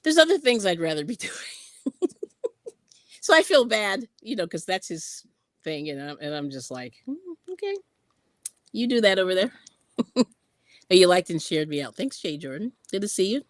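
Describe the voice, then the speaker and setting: A woman's voice: lowish voice, expressive, normal speed, no room sound, studio quality. A woman hosting a casual craft live stream, chatting and laughing often as she reads out viewer comments while sewing in yarn ends.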